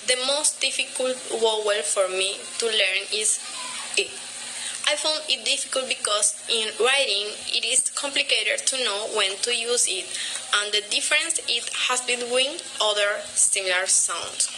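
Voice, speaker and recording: A young woman, a student, reading a class presentation aloud carefully and deliberately, pausing between example words. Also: on the high side. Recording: steady background noise.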